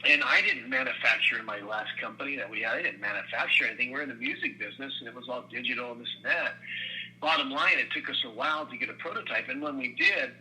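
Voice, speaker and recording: Older man, 60s, guest storyteller: very bright, ringing tone, restless and chatty, voice jumping up and down. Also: fast talker, low-quality recording. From United States. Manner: animated, rambling storyteller with frequent restarts and pitch jumps. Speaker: company co-founder, interview guest. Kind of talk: casual storytelling interview.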